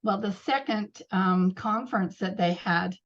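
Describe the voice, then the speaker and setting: An older woman recalls old times gently in a casual interview. Her voice sits at a middle pitch and comes through slightly muffled. She speaks in an unhurried, easygoing way. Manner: gentle, reminiscing. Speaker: guest.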